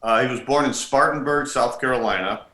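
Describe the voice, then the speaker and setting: A middle-aged man co-hosting a podcast, recounting details and dates in a steady, casual way. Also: medium pitch, fairly quick. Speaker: co-host and bodybuilding historian. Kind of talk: casual conversational chat. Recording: echoey room.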